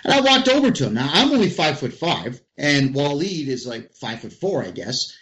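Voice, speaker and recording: A man's voice: fairly high pitch, sing-song, moderate pace, fairly bright tone, lo-fi sound. A man hosting a casual political talk show, speaking emphatically in a ranting manner and addressing listeners directly.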